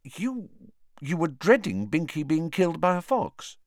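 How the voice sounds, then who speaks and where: An earnest, anxious schoolgirl wizard from a storybook, as a man puts her on, lifted high above his natural low voice. She speaks in a precise, pleading way, her pitch swinging widely. Dry, close sound. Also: sing-song, measured pace, no room sound. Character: earnest, anxious know-it-all teenage girl.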